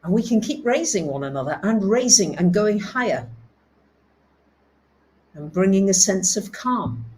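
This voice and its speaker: A woman hosting a live astrology talk, speaking, reading out viewers' comments and dropping soft and low for calm affirmations. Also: a little slow, pauses often, rough recording. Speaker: astrology host.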